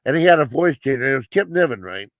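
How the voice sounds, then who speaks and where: A man's voice: medium pitch, expressive, fast talker, no echo. A man giving a casual live movie review, rambling with many fillers and restarts.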